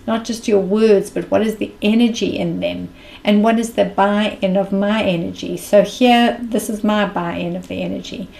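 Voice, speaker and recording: A woman's voice: mid-range voice, darkish tone, low-quality recording. A woman with a South African accent giving a reflective mindfulness talk as a spiritual speaker, earnest and thinking aloud.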